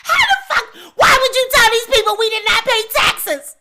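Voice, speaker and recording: A woman voicing a frantic, foul-mouthed woman who yells, curses and sobs in a comedic skit rant. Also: high voice, steady tone, slow pace, vocal fry, heavy background noise, voice pushed down, heavily acted. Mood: hysterical rage. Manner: yelling, cursing, crying and cackling.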